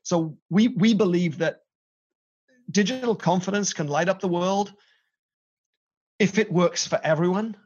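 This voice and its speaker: A man's voice: high voice, measured pace, pauses often, darkish tone, a little hiss or hum. A middle-aged British man with a British accent, a company CEO telling his career story in an interview, self-deprecating and chatty. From Britain. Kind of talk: interview conversation. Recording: slightly dull lo-fi sound.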